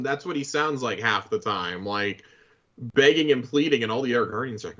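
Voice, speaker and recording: Mid-pitched man as a chatty podcast guest, heard over muffled, lo-fi remote audio. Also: moderate pace. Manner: chatty, nitpicking, animated. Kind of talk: casual chat.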